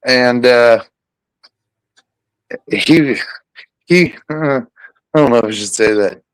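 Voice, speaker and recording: Slow, rambling male host. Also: mid-range voice, clear, resonant tone, no echo, poor audio. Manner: rambling and hesitant, lots of restarts. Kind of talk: casual storytelling chat.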